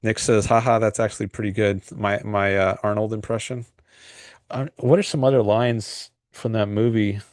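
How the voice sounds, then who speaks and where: A man hosting a casual livestream, chatting loosely and reading out viewer comments, with many pauses, fillers and restarts. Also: lowish voice, flat delivery, darkish tone, dry recording, clean studio sound. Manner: rambling and hesitant, frequent fillers and restarts. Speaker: livestream host.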